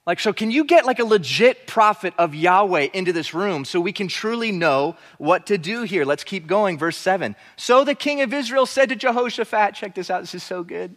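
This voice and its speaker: High-voiced guy preaching, super animated, doing little voices for the bible characters, big echoey hall. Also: normal speed, hardly any pauses. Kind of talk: expository sermon. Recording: hall reverb.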